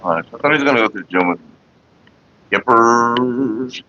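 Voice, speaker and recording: A man's voice: mid-range voice, moderate pace, dull audio, noisy background. A young man rambling casually to camera, joking and laughing often. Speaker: vlogger.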